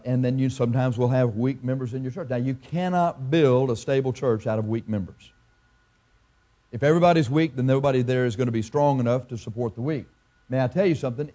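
A male pastor delivers a sermon in a mellow, warm voice. He tells stories, repeats his points for emphasis, and often stops and restarts mid-phrase. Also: medium pitch. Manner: storytelling preacher, halting restarts, emphatic repetition.

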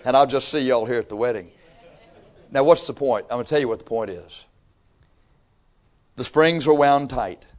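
A man's voice: mid-range voice, normal speed, long pauses. A man, preaching a sermon in a folksy, conversational way with emphatic rising bursts. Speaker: pastor.

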